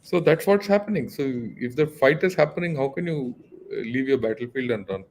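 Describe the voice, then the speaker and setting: A man's voice: medium pitch, expressive, brisk, darkish tone, a little hiss or hum. An older man, a retired general, giving analysis in a casual talk with a lecturing, emphatic manner and many fillers. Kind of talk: casual discussion.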